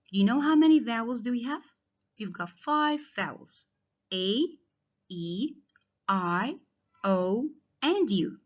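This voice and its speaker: Woman teacher, slightly high, animated, lo-fi dull recording; patient step-by-step classroom delivery. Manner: patient, step-by-step, addresses children directly. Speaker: primary school English teacher. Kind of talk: classroom lesson explanation. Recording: dull lo-fi sound.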